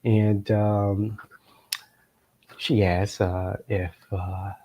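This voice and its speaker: A middle-aged man spins a long personal anecdote as a show host. His talk wanders, full of pauses and small chuckles, in a somewhat low voice. The sound is dull and a little lo-fi. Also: little pitch movement, mellow. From Florida, United States. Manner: meandering, many filler sounds, chuckling asides. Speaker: political consultant and show host. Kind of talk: anecdotal storytelling to camera.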